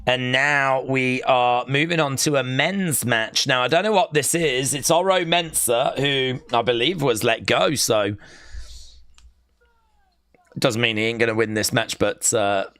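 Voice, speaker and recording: A young man hosting a live wrestling watch-along, calling the action and chatting with viewers, often shouting at big moves. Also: medium pitch, a little slow, clear, resonant tone, dry recording, studio quality.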